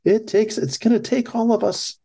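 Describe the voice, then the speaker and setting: A man putting on a high, sing-song impression of a woman politician. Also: normal speed, vocal fry, mellow, husky, full character voice. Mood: sugary.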